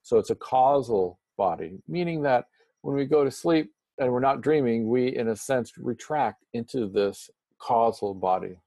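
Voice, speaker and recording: A man giving a spiritual lecture, explaining Sanskrit terms slowly and deliberately, with touches of playful humor. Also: mid-range voice, expressive, creaky, mellow, no echo. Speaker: Vedanta teacher.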